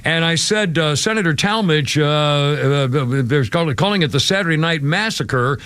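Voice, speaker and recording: An older man hosts a political talk radio show, his voice a touch high. He rambles through stories, chuckling, then turns indignant. The studio sound is dry and close. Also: normal speed, a bit bright, clean tone, dry recording. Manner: rambling, indignant, laughs while telling stories. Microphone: studio microphone.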